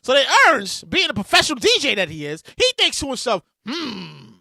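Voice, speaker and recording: A woman in her thirties hosting a solo podcast, telling stories in a casual, profane, animated way and acting out quotes loudly. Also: on the high side, fast, no room sound, clean studio sound. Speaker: podcast host.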